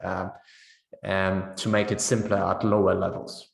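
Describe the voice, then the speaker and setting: A man's voice: deep voice, little pitch movement, measured pace, creaky. Echoey man explaining pronunciation teaching. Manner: explanatory, checking in with frequent "right?". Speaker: teacher trainer. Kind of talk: webinar teaching demonstration.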